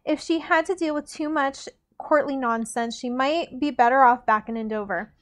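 A woman podcast host reads a novel aloud in a casual, unpolished style. She stumbles and restarts now and then, in a somewhat high voice. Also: moderate pace, fairly bright tone. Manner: unpolished reading with restarts and asides.

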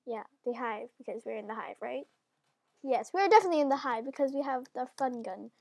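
A woman with a stuffy nose giving excitable gameplay commentary, swinging from mumbling to loud squeals. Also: high-pitched, fairly quick, vocal fry, no room sound, clean studio sound. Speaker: gaming channel host.

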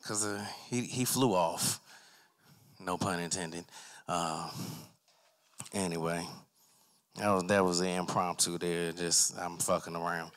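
A young man doing a loose, rambling open mic stand-up set, acting out characters in loud voices. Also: low voice, steady tone, takes it slowly, long pauses. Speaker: stand-up comic. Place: small arts center stage with a live audience.

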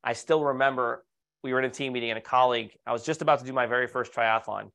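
A man's voice: medium pitch, fairly even intonation, fast, creaky, bright, forceful tone. A man giving an online webinar talk on leadership as a coach, upbeat and persuasive, with rhetorical questions and client stories. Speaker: leadership coach presenting to architects.

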